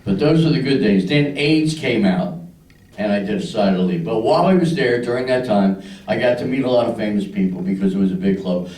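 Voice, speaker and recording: A man's voice: lowish voice, lively intonation, fairly quick, a little mellow, echoey room, distant mic, rough recording. An older man from Philadelphia doing a crude stand-up routine, acting out the people in his stories. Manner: crude storytelling with voices for characters. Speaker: stand-up comedian. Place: club stage.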